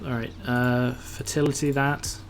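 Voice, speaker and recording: A man with a mid-range, level voice plays a game at a slightly slow pace, muttering complaints to himself and dropping casual swears. His grumbling, self-directed commentary has a faint hiss of background noise underneath.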